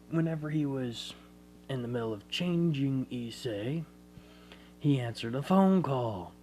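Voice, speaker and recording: A man narrates an improvised fan story at a slow, easy pace. His delivery rambles and keeps correcting itself. A faint hum runs under the recording. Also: medium pitch, a little mellow. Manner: rambling, self-correcting, conversational.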